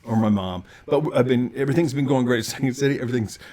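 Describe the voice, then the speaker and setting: A middle-aged man, a podcast guest, telling lively anecdotes in casual conversation and often restarting his sentences. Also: mid-range voice, racing. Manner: animated anecdotal storyteller with frequent restarts. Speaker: podcast guest, actor and writer. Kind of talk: casual storytelling interview.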